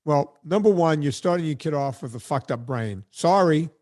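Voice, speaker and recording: A man hosting a podcast interview, talking in an animated, emphatic way and often repeating words as he gets going. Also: fairly high pitch, moderate pace. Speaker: podcast host. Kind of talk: casual conversational interview.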